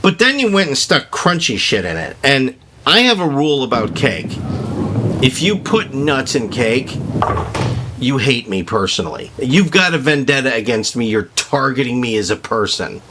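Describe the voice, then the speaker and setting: Male gaming host, bright tone, chatty opinionated rambling, faint noise behind. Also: medium pitch, sing-song, moderate pace. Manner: rambling, opinionated, joking rants. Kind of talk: casual gameplay commentary.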